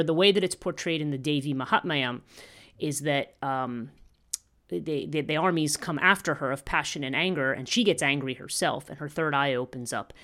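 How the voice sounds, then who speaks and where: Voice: mid-range voice, fairly bright tone. A teacher giving a podcast lecture in a rambling way, with frequent fillers and restarts.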